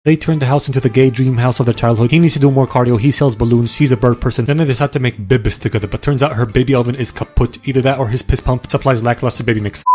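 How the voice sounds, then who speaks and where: A man's voice: mid-range voice, fairly even intonation, fast talker, hardly any pauses, darkish tone. A young man narrating comedic movie recaps in a crude, mocking way, often breaking into silly voices.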